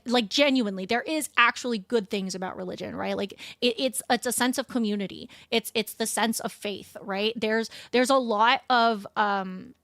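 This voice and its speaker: A young woman streamer chatting casually, telling stories in an animated, profane rant. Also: fairly high pitch, no room sound, studio quality. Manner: profane, ranting, animated storytelling. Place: home streaming setup.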